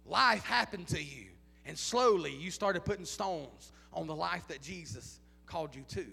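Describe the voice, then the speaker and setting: Gravelly high-voiced preacher in a reverberant church. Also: male voice, lively intonation, moderate pace, bright, forceful tone. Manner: repetitive rhetorical questions, rising to chanted intensity. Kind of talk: preaching a sermon. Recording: long hall reverb.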